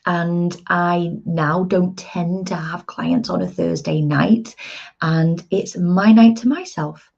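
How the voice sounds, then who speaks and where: A woman in her thirties speaks earnestly and chattily to her viewers as an empowerment coach. Her voice sits low, with a mellow, husky tone. The recording sounds dull and lo-fi. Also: expressive, slow pace. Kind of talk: casual motivational talk to viewers.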